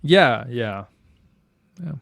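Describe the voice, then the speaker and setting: A man's voice: medium pitch, lively intonation, drawn-out words, vocal fry, fairly bright tone, dry recording, studio quality. A man co-hosting a podcast, talking candidly in casual slang and swearing freely. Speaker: podcast co-host.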